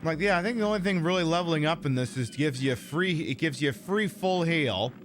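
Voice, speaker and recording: A man's voice: on the high side, expressive, fairly quick, soft background music. A man giving casual gameplay commentary as a streamer, profane, ranting and sardonic. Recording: noisy ambience behind.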